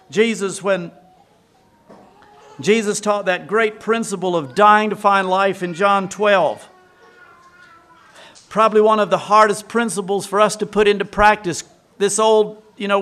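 A man with a high voice preaches a sermon, telling scripture as a lively story. He keeps asking his listeners questions and answering them himself.

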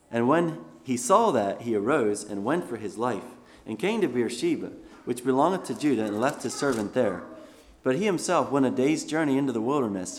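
Man preaching a sermon, middle pitch, reads scripture then explains it plainly, faint background hiss. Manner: reads scripture aloud then comments conversationally. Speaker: pastor.

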